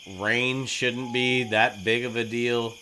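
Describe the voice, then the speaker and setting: Bright-voiced joking man at a game table. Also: medium pitch, level tone, slow pace, slight background noise, low-quality recording. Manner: rambling, hesitant, joking. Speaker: player. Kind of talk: casual tabletop game play.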